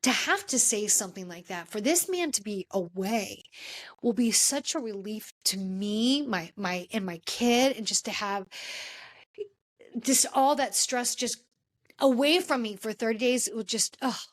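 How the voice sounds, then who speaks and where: A woman's voice: on the high side, lively intonation, a little slow. A woman hosting a podcast, giving an emphatic, indignant recap in casual chat and calling people out directly. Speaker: podcast host.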